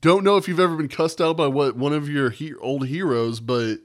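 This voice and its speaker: A man's voice: on the high side, normal speed. Podcast co-host, male, casual storyteller, swears freely, acts out dialogue. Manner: rambling, profane, acts out quotes.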